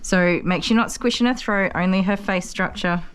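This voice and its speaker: A woman working as a dog groomer, chatting to viewers and explaining each step as she works, with soft cooing asides to a puppy. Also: medium pitch, normal speed, clear, resonant tone. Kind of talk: casual vlog narration while working.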